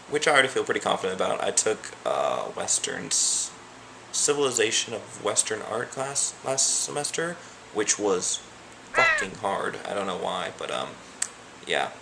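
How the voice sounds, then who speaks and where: A young male vlogger talks in a loose, rambling way, leaning on fillers as he goes. His voice sits low with a gravelly fry. A steady background noise runs under the recording. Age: young adult. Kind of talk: casual vlog chat.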